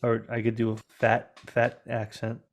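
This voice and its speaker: A man's voice: medium pitch, completely flat delivery, moderate pace. A man co-hosting a podcast, chatting casually with sarcastic jokes and casual swearing. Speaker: podcast co-host. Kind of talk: casual chat.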